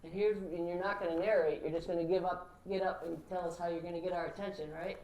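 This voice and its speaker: A woman instructor giving direct, encouraging feedback to students practicing pitches in a classroom. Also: steady tone, quick pace, warm tone. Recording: echoey classroom with background noise.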